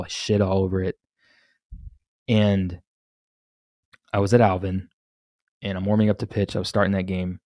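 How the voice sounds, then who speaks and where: A man's voice: lowish voice, a little mellow, no room sound, clean studio sound. Candid, profane young man telling his story. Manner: candid, profane, rambling with restarts. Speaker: podcast host. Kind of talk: solo podcast storytelling.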